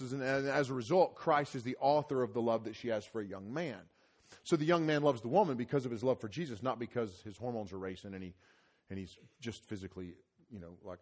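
A middle-aged man preaching a sermon at a conference, mixing scripture with lively personal stories and getting loud when excited. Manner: animated, rises loud and high when telling stories. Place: conference hall.

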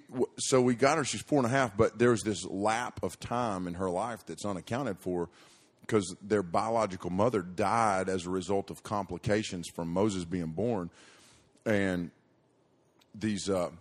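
A middle-aged man preaching to young people, telling a story in a folksy, rambling way with many restarts and fillers. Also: deep voice.

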